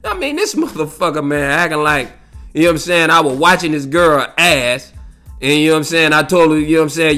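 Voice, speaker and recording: A man's voice: a little high, lively intonation, brisk, sharp tone, soft background music. A man telling a rambling, profane story in casual chat, saying "you know what I'm saying" again and again. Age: adult, grew up in the nineties.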